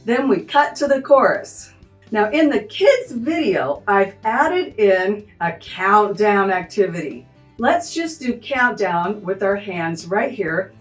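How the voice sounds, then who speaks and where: A woman's voice: medium pitch, sing-song, takes it slowly, echoey room, far from the mic. A woman music teacher walking through a lesson, acting out animal sounds as she explains. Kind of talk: teaching tutorial.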